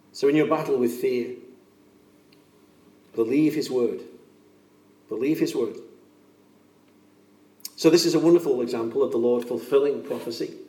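Pitched a bit high for a man, this preacher's warm, mellow voice echoes through a large room, picked up from some distance off the mic. He's earnest and emphatic in his sermon, hammering key phrases through repetition.

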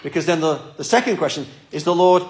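A man's voice: fairly high pitch, animated, fast talker. A man preaching a sermon in a church, earnest and pleading, often repeating his words.

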